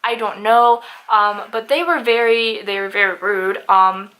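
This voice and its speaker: Bright-voiced young woman telling a story. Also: mid-range voice, unhurried. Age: young adult. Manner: animated, chatty, swears freely, many fillers. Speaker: vlogger. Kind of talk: casual storytime.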